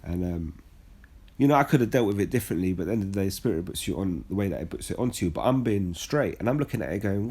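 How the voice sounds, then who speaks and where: A man with a lowish, husky voice speaks in a blunt, heated way and swears often. He tells a personal story and moves into scripture reading as a religious speaker. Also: expressive, quick pace, a little mellow.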